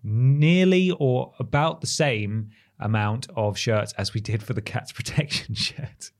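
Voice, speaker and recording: A man co-hosting a gaming podcast, telling stories in a jokey, animated way. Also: medium pitch, unhurried. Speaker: podcast co-host. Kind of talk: casual chat.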